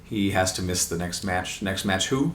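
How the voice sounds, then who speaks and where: A man co-hosting a podcast enthusiastically and casually runs through a list of soccer transfers, laughing often. His voice is low and a bit bright at a moderate pace, recorded in an echoey room with faint noise.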